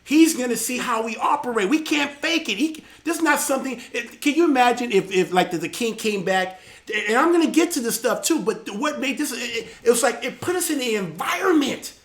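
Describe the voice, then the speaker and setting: His pitch is extremely high and his delivery brisk as this man preaches casually on a live church talk show, the room around him echoey. Getting worked up, he repeats himself a lot and shouts now and then.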